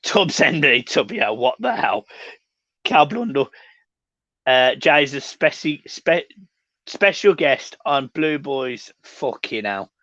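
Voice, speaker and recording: A young man hosts a fan livestream, reading chat comments with sweary, laddish humour. His voice sits fairly high. The sound is dry and a little muffled. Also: lively intonation, slow, a bit bright, no echo. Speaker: fan channel host reading live chat.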